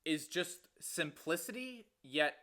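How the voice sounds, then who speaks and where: A young man in his twenties ranting on a casual sports podcast, his voice bright and forceful. He sounds exasperated and swears freely, pitched a bit above most men. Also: expressive, slow. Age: 20s. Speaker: podcast co-host.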